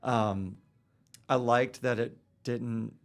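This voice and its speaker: A man's voice: mid-range voice, steady tone, extremely slow. A man around forty, a podcast guest talking casually with lots of fillers and restarts. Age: about 40. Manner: rambling, many fillers and restarts. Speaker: guest, real estate broker.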